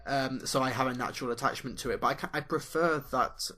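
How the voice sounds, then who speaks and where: Measured man giving film opinions. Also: mid-range voice, pushed and bright. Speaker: podcast co-host. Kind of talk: casual movie chat.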